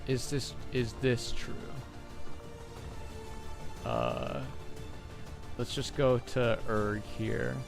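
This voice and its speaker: Over background music, a young gamer gives casual commentary into his desk mic in a very slow, gravelly, mid-range voice with little pitch movement. He pauses often, rambles, keeps restarting his phrases, and laughs when things go wrong.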